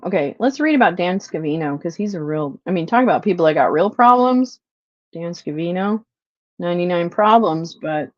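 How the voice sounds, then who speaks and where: A middle-aged woman hosting a livestream, venting with a lot of swearing, then apologizing and dropping to quiet mutters. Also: fairly low pitch, no echo. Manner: frustrated, profane, apologetic, swings between loud venting and quiet muttering. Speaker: livestream host. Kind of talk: unscripted livestream rant. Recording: dull, lo-fi, dry livestream audio.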